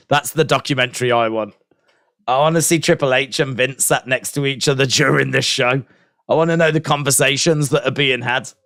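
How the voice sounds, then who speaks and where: A man's voice: medium pitch, gravelly, fairly bright tone, dry recording, clean studio sound. A man casually commenting on a live show for his viewers, joking and sarcastic, reading out chat messages. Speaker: wrestling watch-along streamer. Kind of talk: live-stream reaction commentary.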